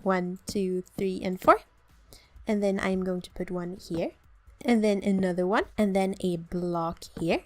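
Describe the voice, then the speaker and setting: A woman's voice: mid-range voice, steady tone, measured pace, darkish tone. Chatty Swedish woman narrating gameplay. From Sweden. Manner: chatty, self-deprecating, explains as she builds. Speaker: let's play host. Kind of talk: casual gameplay commentary.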